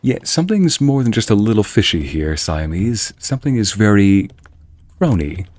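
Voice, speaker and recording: Low-voiced man with a wry, animated delivery. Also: normal speed. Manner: animated, wry, talking to himself. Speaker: game streamer. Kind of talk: gameplay commentary.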